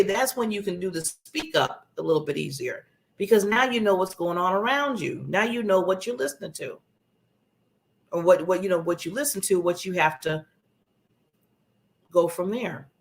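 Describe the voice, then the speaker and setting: A woman speaks on a talk show with earnest conviction, driving her advice home by repeating key phrases. Her voice sits at an ordinary middle pitch, and she talks in a broadcast studio. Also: fairly bright tone. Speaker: guest speaker giving advice.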